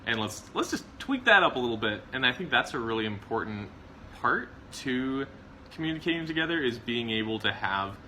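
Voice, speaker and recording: A man co-hosting a casual chat about marriage, relaxed and rambling, often laughing. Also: medium pitch, slight background noise, poor audio. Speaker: co-host of a marriage channel.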